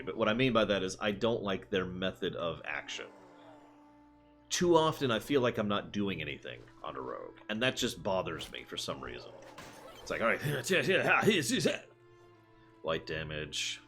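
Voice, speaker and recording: A man streams a game and talks through it in a low voice that leaps up and down with animation. He chats casually and answers his viewers as he goes, with soft music playing underneath. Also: a little fast. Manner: animated, chatty, answers chat. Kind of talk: casual gameplay commentary.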